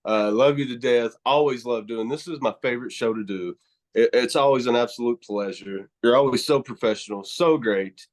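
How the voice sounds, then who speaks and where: A man's voice: mid-range voice, moderate pace. A man from East Tennessee with a Southern accent, a guest chatting on a podcast, who laughs often and lets his words run together. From East Tennessee, USA. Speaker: guest, horror host. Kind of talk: casual podcast conversation.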